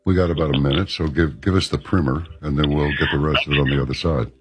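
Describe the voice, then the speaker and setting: A man hosting a radio talk show, easygoing and relaxed. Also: a bass voice, fast, background noise. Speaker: radio host.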